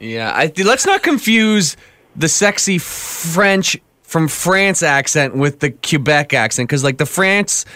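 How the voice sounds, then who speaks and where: A man co-hosting a radio show, playful and quick to laugh, joking about accents. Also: a little high, very animated, pushed and bright, no room sound. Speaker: radio co-host. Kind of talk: morning radio banter. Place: radio studio.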